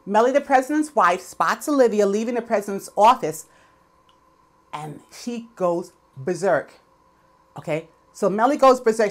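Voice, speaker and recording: A woman's voice: medium pitch, animated, normal speed. A woman giving a casual, chatty recap of a TV episode, opinionated and full of fillers. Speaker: TV episode reviewer.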